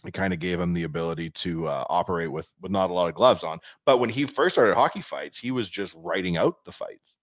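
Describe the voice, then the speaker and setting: A man hosts a casual podcast chat. He has a low voice and tells stories with lots of energy, jumping up in pitch when he acts out quotes. The sound is dry and close to the mic. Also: a little fast, few pauses, no echo. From Canada. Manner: animated, acts out quotes in raised voice. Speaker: podcast host, company founder.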